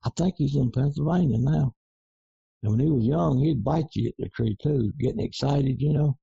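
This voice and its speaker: A man, a coonhound breeder talking slowly and rambling in folksy dialect in a casual interview. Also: medium pitch, gravelly, dark tone, husky, no room sound, highs cut off. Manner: slow, rambling, folksy Southern dialect grammar.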